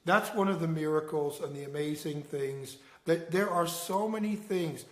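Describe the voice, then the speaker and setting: A man's voice: a little high, moderate pace. A man reminiscing in casual conversation, correcting details and laughing as he talks. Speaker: storyteller recalling past travels. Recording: roomy echoey room.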